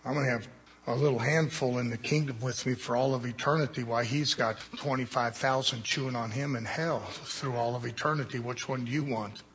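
A man's voice: mid-range voice, steady tone, fairly quick, fairly bright tone, breathy edge, in a large hall. A man preaching a sermon, with blunt, conversational jabs at his congregation.

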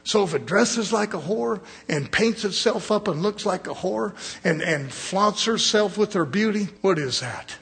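A man's voice: high-pitched, expressive, a little slow, creaky, a bit bright, breathy edge. A middle-aged male preacher giving a fiery sermon in a blunt, folksy manner, calling for amens from the congregation. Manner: folksy, blunt, call-and-response.

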